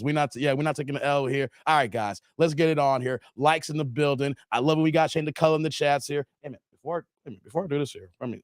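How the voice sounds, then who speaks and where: Playful, animated man hosting a livestream. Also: fairly high pitch, dry recording, clean studio sound. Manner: animated, joking, calls out chat names, playful voice changes. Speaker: livestream host. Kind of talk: casual live-stream chat.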